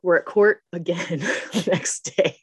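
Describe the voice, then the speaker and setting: A woman's voice: lowish voice, measured pace, husky, dry recording. A woman in casual chat, recapping a movie plot with frequent laughter and acted-out quotes. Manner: laughs often, acts out quoted lines. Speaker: podcast co-host recapping a movie.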